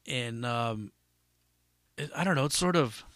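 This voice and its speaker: A man's voice: medium pitch, expressive, unhurried, fairly bright tone, no room sound, studio quality. A man hosting a solo podcast in a casual, rambling, profane way with lots of fillers. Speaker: podcast host.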